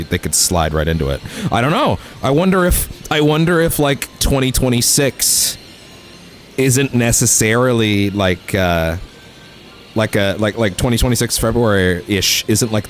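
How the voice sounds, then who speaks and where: A male let's play host chats loosely into a studio microphone, circling his point with fillers and restarts. His pitch is lively and moves around a lot. Faint music plays under him. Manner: rambling, with many fillers and self-corrections. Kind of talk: casual gaming commentary. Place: home recording setup.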